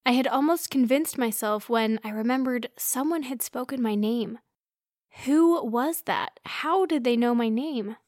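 A young woman narrating a first-person story in a steady, expressive way. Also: on the high side, normal speed, few pauses, no room sound, studio quality.

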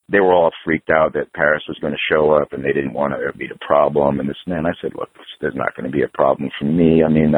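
Over dry, phone-like remote audio with no room sound, a middle-aged punk musician from New York speaks in an extremely low voice. As a hardcore punk guest, he casually tells a profane story, animatedly acting out each line of dialogue.

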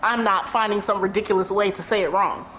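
Animated, cursing woman from the Bronx. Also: medium pitch, a little fast, slight background noise, rough recording. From Bronx, New York. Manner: animated storyteller, profane. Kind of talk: casual chat.

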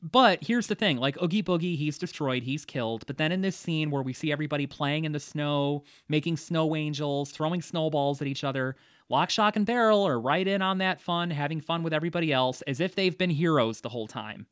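A man's voice: fairly high pitch, a little fast, fairly bright tone, clean tone, no echo, studio quality. A man hosting a casual movie discussion, chatty, with frequent laughs and fillers. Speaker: podcast host.

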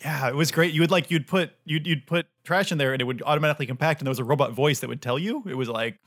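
A man from Ohio co-hosting a podcast, telling stories in a lively, animated way and laughing often. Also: on the high side, rapid-fire. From Dayton, Ohio, USA. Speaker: podcast co-host. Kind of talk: casual chat.

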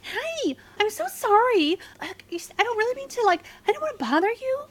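A woman voicing a squeaky, passive-aggressive wedding guest who nags in a falsely sweet, apologetic way. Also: sing-song, a little fast, a little hiss or hum. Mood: fake-apologetic. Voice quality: high squeaky voice.

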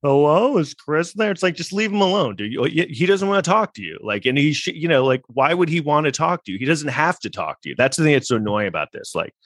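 A man's voice: mid-range voice, very animated, quick pace, few pauses, fairly bright tone, no echo. A man hosting a casual commentary, reacting to clips in a sarcastic, mocking, rambling way with plenty of swearing. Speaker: podcast host.

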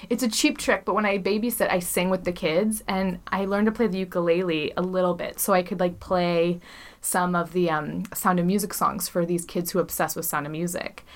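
A woman co-hosting a podcast in casual chat, chatty and self-mocking with a clear voice. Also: lowish voice, steady tone, moderate pace. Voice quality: clear, musical theater voice. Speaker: podcast co-host.

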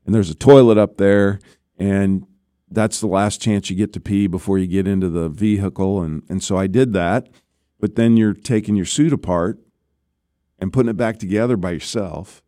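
Clean studio audio with no room sound captures a man's fairly low, mellow voice. He's a former astronaut sharing stories in an interview, chatting conversationally and repeatedly checking in with listeners through "right?".

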